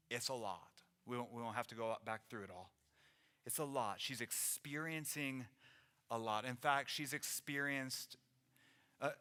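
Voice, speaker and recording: A man's voice: mid-range voice, pushed and bright. A man preaching a sermon as pastor in a church, earnest and conversational, often restarting his phrases. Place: church sanctuary.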